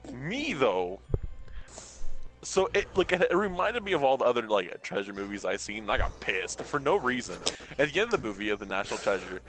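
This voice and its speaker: A man's voice: mid-range voice, sing-song, fairly bright tone, soft background music. A man co-hosting a casual podcast, talking bluntly with profanity. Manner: blunt, profane, quick reactions. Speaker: podcast co-host. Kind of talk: casual chat.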